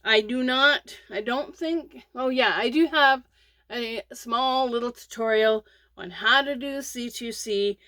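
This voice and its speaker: This middle-aged woman talks crochet on her channel in a drowsy, yawning ramble packed with fillers and restarts. She speaks slowly in a fairly high, sharp voice on a dry recording.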